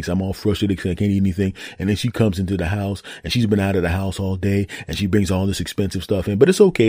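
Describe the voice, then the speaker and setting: A man's voice: low-pitched, warm tone, dry recording, studio quality. A man hosting a podcast, telling a rambling comic story and repeating words for effect. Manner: repetitive, rambling, builds jokes by repeating words. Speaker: podcast host.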